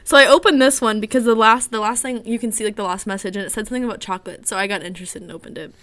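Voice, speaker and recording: A young woman in casual chat, reading dating-app messages aloud with animated, giggly storytelling. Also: medium pitch, racing, no echo.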